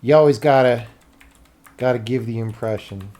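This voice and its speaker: While building a game level on a livestream, a man thinks aloud casually to himself, dropping mumbled asides. His voice is warm, medium in pitch, and moderately paced.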